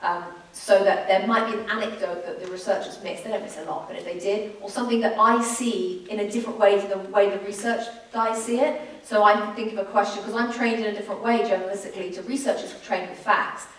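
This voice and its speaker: A woman in her thirties with an English accent, a sports broadcaster telling animated stories in an on-stage conversation. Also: mid-range voice. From England. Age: 30s. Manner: quick, animated storyteller. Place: school event hall. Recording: echoey hall from far off.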